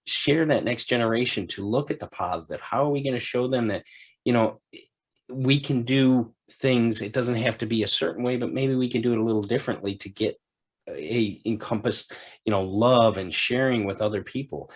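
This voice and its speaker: A man's voice: medium pitch, normal speed, husky. A middle-aged man hosting a podcast in casual interview chat, encouraging and rambling with frequent restarts. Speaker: podcast host.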